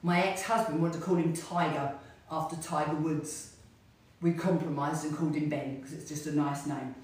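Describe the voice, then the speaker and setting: A middle-aged woman talks in a loose, rambling way as a fitness instructor, keeping up the chat while she exercises. Her voice sits slightly low. It rings around a very echoey studio and is picked up from a distance. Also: steady tone, normal speed, darkish tone. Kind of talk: casual chat while hula hooping.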